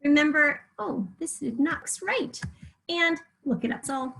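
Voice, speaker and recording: A woman teaching a remote spelling lesson to third graders, talking patiently and clearly with example sentences. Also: high-pitched, lively intonation, a little slow, a bit bright, low-quality recording. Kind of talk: remote spelling lesson over shared slides.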